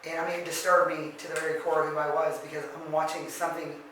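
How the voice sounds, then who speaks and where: A woman guest calmly recounting her experiences in a matter-of-fact way in casual conversation. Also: deep voice, fast. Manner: even, matter-of-fact telling of eerie experiences. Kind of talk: casual storytelling. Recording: echoey room, distant mic, faint noise.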